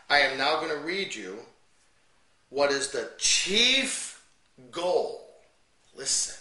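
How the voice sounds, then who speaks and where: A man's voice: mid-range voice, pushed and bright, echoey room, distant mic, poor audio. Fiery man preaching a Bible lesson. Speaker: Bible teacher.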